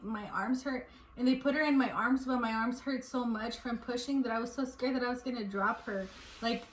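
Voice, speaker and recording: A woman in her twenties, a vlogger and new mother, chatting casually and telling a story with lots of laughter. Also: fairly high pitch. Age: 20s. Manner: animated storytelling, laughs often. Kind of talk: casual chat. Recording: echoey room with faint noise.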